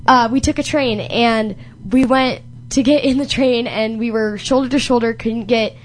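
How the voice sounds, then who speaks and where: A woman's voice: fairly high pitch, steady tone, moderate pace. A young woman hosting a casual chat, telling rambling stories and laughing easily. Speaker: host.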